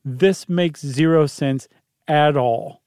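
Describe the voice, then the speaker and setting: A man co-hosting a podcast with a fairly high voice and a playful, teasing way of talking. He chats casually and throws in quick jokes. The sound is dry and close, straight into a studio microphone. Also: darkish tone, clear, resonant tone, dry recording. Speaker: podcast co-host.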